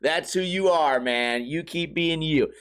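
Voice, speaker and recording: A mellow old hippie man in his sixties, as a man imitates him, talking in a placating, repetitive ramble. The voice sits noticeably higher than the storyteller's own. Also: measured pace, smooth. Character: older male hippie neighbor, laid-back and placating.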